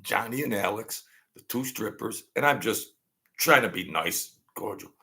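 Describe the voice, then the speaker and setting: A man's voice: on the low side, expressive, measured pace, vocal fry, sharp tone. Rambling, profane man telling stories. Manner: rambling and profane, fills gaps with "blah, blah, blah". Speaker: storyteller recounting his past. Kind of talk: casual spoken storytelling.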